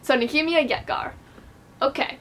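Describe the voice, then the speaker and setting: A woman's voice: high-pitched, normal speed, fairly bright tone. A woman reviewing a book in a casual vlog, chatty and playful, with lots of fillers.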